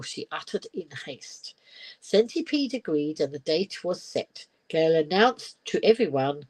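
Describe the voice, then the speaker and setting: A woman's voice: medium pitch, expressive, slow, darkish tone, dry recording, poor audio. An older woman, reading a children's picture book aloud on a live stream and breaking off for chatty asides. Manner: chatty asides, laughs often.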